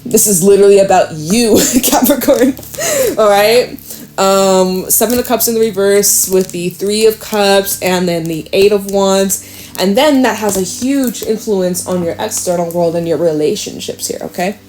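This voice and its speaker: A woman giving a casual, frank tarot reading to her viewers, chatty and quick to swear and laugh. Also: mid-range voice, darkish tone. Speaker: tarot reader.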